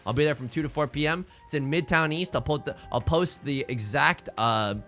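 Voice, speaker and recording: A man giving live mahjong commentary to his chat, theatrical and quick to swing between mock outrage and laughter. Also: on the high side, fairly bright tone, soft background music. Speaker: mahjong streamer.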